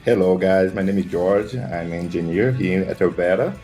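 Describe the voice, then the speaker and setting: A man talking as a guest engineer on a casual tech podcast, telling a story in a halting, playful way. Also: deep voice, mellow, faint music behind.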